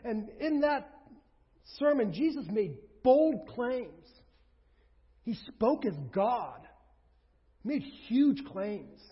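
A pastor preaching a sermon, emphatic, with rhetorical questions, swinging between loud and hushed. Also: male voice, extremely high pitch, sing-song, drawn-out words, pauses often, breathy edge. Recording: reverberant hall, dull lo-fi sound.

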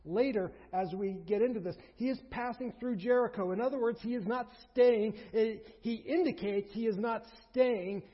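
High husky guy preaching, hammers points with repeats, big echoey church sound. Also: moderate pace, few pauses. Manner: emphatic, builds through repeated phrases. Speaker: pastor. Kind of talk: sermon. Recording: dull sound with long hall reverb.

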